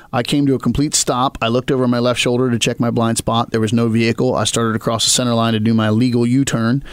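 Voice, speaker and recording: A man's voice: medium pitch, no echo. Male podcast co-host, mid-range voice, methodical, dry close sound. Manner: measured, detailed explanations. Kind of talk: casual chat.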